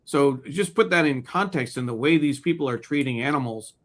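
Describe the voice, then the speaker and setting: A man's voice: mid-range voice, a little fast. A man co-hosting a casual talk show, speaking hesitantly with many restarts as he weighs his thoughts. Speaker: co-host. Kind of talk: casual chat.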